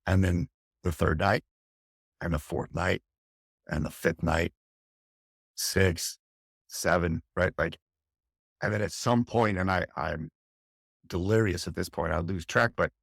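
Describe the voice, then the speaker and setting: A man's voice: sits low, steady tone, a little slow, vocal fry, long pauses, dry recording, studio quality. A middle-aged man, a fire captain, recounting a harrowing experience intensely and candidly in an interview, often restarting his phrases. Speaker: fire captain, podcast guest.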